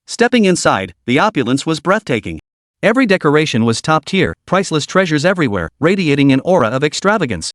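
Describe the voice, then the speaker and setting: Male recap narrator, steady scripted storytelling, lively intonation, fairly high pitch. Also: fast, dry recording, clean studio sound.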